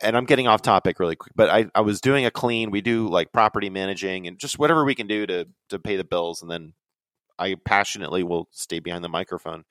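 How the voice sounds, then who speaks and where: A young man telling rambling, excitable stories on a podcast, his voice leaping up high when he quotes himself. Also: fast, dry recording. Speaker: podcast guest. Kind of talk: casual storytelling chat.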